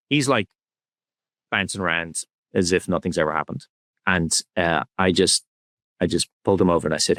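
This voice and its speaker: A man with a very low, deep voice speaks as a podcast guest, soft-spoken and candidly reflective. The recording is dry and close, with no room sound. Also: brisk, dry recording. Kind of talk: reflective conversational interview.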